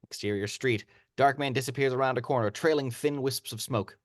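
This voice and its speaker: A man's voice: medium pitch, brisk, dry recording, studio quality. Man reading screenplay action lines. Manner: steady read-aloud narration. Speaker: narrator of stage directions.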